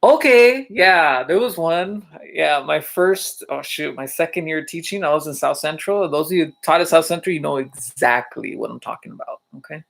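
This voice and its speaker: A man with a gravelly, fry-edged voice who chats to the camera about his days as a teacher. He keeps asking his audience questions, fills gaps with little asides, and keeps breaking into laughter while he tells his stories. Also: a little high, normal speed, hardly any pauses, a bit bright. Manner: chatty, with many fillers and check-ins to viewers. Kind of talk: casual storytelling vlog.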